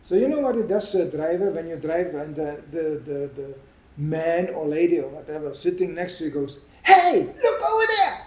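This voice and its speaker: A man giving an informal, anecdotal spiritual talk, chatty and quick to laugh at his own stories. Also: a little high, mellow. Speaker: devotional speaker. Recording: echoey room.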